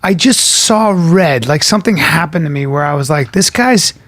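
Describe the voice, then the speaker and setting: A man with a fairly high voice tells a story on a podcast, heated and profane. He loops back on his own words as he builds the telling. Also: lively intonation, moderate pace, a bit bright, dry recording. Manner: heated, profane, repeats phrases while telling a fight story. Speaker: podcast co-host. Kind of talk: casual storytelling chat. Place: podcast studio.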